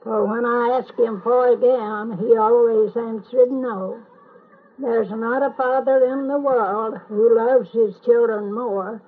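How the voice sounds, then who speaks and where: An older woman reciting a long poem from memory in a slow, measured, sing-song way. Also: fairly high pitch, fairly even intonation, slightly rough. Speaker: family elder reciting a poem. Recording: tinny lo-fi home tape recording.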